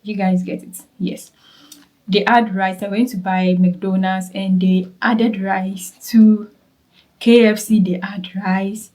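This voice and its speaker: A woman's voice: mid-range voice, level tone, slow pace, a little mellow, poor audio. A young Ghanaian woman with a Ghanaian accent, chatting casually to her viewers in a travel vlog, repeating words for emphasis and checking in with them. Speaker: travel vlogger.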